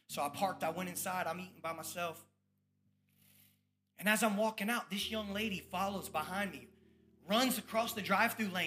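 High, bright-voiced man preaching testimony. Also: expressive, fairly quick. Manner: swings between loud bursts and hushed, low confessions; storytelling with acted-out quoted voices. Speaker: preacher giving his testimony. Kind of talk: sermon testimony.

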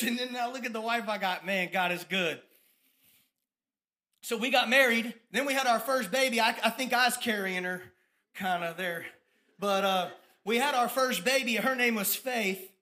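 A man, giving a fired-up testimony sermon about his ministry, at times dropping to soft reflective tones. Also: extremely high pitch, normal speed. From Tampa, Florida. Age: 30s.

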